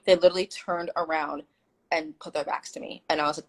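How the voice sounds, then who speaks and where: A woman's voice: sits low, fairly quick, low-quality recording. A woman guest telling a story in casual chat on a video call, acting out what people said. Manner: animated, acts out quoted dialogue.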